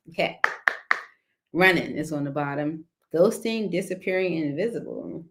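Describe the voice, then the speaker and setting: Low-voiced woman giving a casual tarot reading. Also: animated, normal speed, very noisy. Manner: rambling, filler-heavy, laughs between cards. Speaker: tarot reader.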